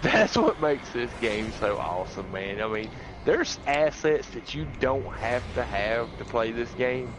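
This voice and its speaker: Male stream host, folksy and excitable, noisy home audio. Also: mid-range voice, unhurried. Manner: excitable, laughs often, folksy slang. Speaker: livestream host. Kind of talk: casual gaming chat.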